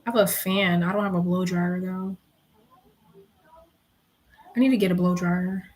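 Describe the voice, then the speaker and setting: A woman's voice: fairly low pitch, steady tone, normal speed, a little mellow. A young woman giving a casual, chatty tarot reading, swearing freely and talking to viewers like friends. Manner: chatty, profane, laughs a lot. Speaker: tarot reader.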